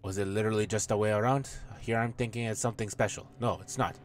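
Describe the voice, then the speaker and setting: A man's voice: lowish voice, fairly even intonation, fast talker, a little hiss or hum. A man playing a video game and joking through it, swearing and talking back at the characters. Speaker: gamer. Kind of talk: let's play commentary.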